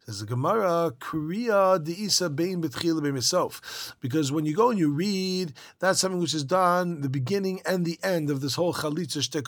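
A man teaching a Talmud lesson, reading the text aloud and translating it in a quick, informal, lively way. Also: a little high, dry recording, clean studio sound. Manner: quick, informal, lively explaining with yeshiva slang.

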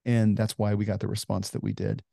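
Earnest founder in his forties: low, dry, close voice, chatty interview storytelling. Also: flat delivery, a little fast, creaky, dark tone, no room sound. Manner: earnest storyteller, heavy on "you know" fillers. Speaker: ministry founder, guest.

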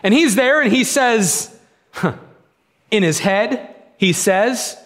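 A pastor preaching a sermon and retelling a story in a casual, conversational way, with frequent restarts. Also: male voice, high voice, expressive, slow pace, pauses often, a bit bright.

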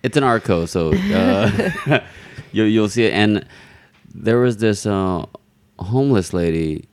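A man with a very low voice tells a long personal story in a loose, rambling way. He keeps poking fun at himself and laughs now and then. The sound is dry and close. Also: big pitch swings, slow pace, no room sound. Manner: rambling and self-deprecating, with restarts; laughs while telling stories. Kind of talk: casual conversation, personal story.

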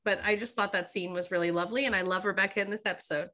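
A woman's voice: mid-range voice, rapid-fire. A woman co-hosting a podcast, chatting casually about a TV episode and acting out lines with lots of laughter. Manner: animated, giggly, acts out quotes. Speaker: podcast co-host. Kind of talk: casual chat recapping a TV episode. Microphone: podcast microphone.

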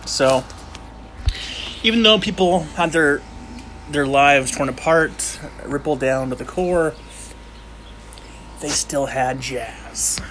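Casual male history explainer, slightly high voice, unhurried and rambling, lots of self-corrections. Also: a bit bright, slight background noise. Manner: rambling, jokey, many restarts and self-corrections. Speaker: amateur history presenter.

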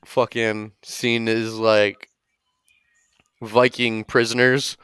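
A male podcast co-host rambles animatedly through comedy bits and swears freely. His voice is smooth and clear. It sounds dry and close to the mic. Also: fairly low pitch, flat delivery, very slow, fairly bright tone, no room sound. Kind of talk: casual comedic storytelling.

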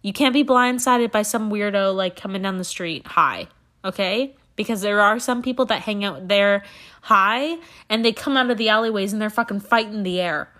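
A woman's voice: mid-range voice, moderate pace, a bit bright. A young woman host in a put-on mock Southern accent, telling a profane, exasperated comedic story on a solo podcast. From Canada.

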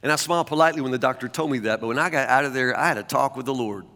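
A pastor preaches a sermon conversationally, often stammering into restarts. His medium-pitched voice is rapid-fire and sharp, and the recording has a big-room sound.

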